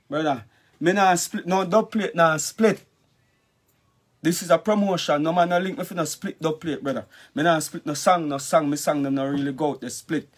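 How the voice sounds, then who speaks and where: High-voiced Jamaican man ranting. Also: moderate pace. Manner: angry, cursing, repetitive address of the listener. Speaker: dancehall artist. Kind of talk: heated vlog rant.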